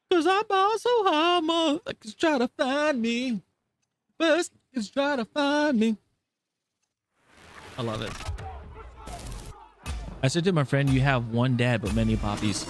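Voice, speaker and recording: A man from California with a slight Southern twang, chatting casually on a live stream while he plays, telling rambling stories and cutting himself off mid-sentence. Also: mid-range voice. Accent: American with a slight Southern twang. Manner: rambling, self-interrupting storytelling.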